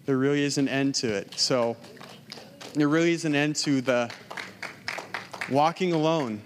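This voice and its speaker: A man preaching, telling a personal story in a casual way with many fillers, then leading a prayer. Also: mid-range voice. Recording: long hall reverb.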